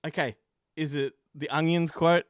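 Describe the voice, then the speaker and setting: A man's voice: fairly high pitch, level tone, normal speed, clean tone, no echo, studio quality. A man co-hosting a casual chat podcast, laid-back and self-deprecating, swearing casually. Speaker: podcast co-host.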